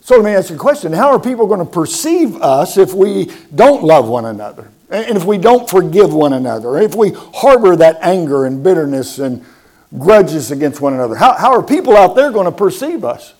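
A man's voice: sits high, very animated, fairly quick, a little mellow. A man preaching a sermon, emphatic and repeating words for stress, asking the congregation questions.

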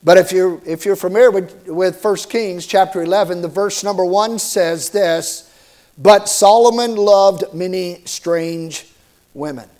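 A man's voice: high-pitched, a little slow, a little mellow. A man preaching a sermon as pastor, asking the congregation questions, repeating words and slipping in small jokes.

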